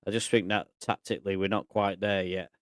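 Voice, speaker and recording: Low-voiced man thinking aloud. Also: a little fast, clean tone, dry recording, studio quality. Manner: thinking aloud, relaxed and chatty. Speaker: gaming YouTuber. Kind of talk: casual game commentary.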